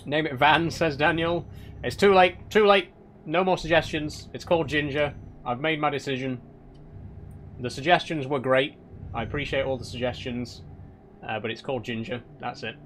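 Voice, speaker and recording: A young man answers his live chat in a dry, rambling way, and often feigns exasperation. His voice sits at an everyday middle pitch. Faint game engine noise hums behind him. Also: fairly even intonation, moderate pace, fairly bright tone. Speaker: streamer reading live chat. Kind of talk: casual live-stream chat while driving a truck game.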